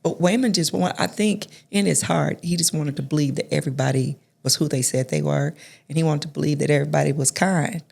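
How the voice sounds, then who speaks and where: Casting: middle-aged woman, gravelly, reflective interview guest. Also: deep voice, a little fast. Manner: reflective, soft-spoken, many restarts. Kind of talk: conversational storytelling.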